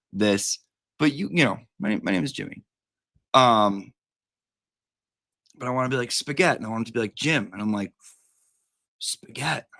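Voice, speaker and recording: Hosting a casual livestream, an adult man with a daughter chats in a rambling, playful way, sometimes calling his cat in a sing-song voice. His voice sits at medium pitch and sounds a bit bright.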